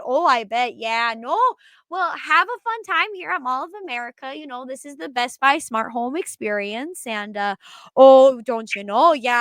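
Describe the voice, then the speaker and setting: A woman's voice: sits high, fairly bright tone, dry recording. Woman putting on a syrupy Minnesotan sweetness. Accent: exaggerated Minnesotan. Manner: sugary, passive-aggressive, singsong. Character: overly sweet Minnesota-nice woman greeting rivals.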